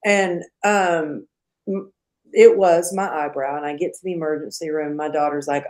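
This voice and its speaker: A middle-aged woman, a podcast guest, telling a personal story in a casual, animated way and acting out the quotes. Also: low voice, normal speed.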